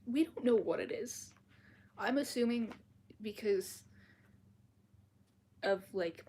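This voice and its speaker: A woman's voice: medium pitch, a little hiss or hum. A woman reading a fantasy novel aloud at home on a livestream, in a casual, chatty way. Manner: casual, chatty, restarts words and apologizes. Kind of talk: live-streamed book reading with chat asides. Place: at home, dogs outside the door.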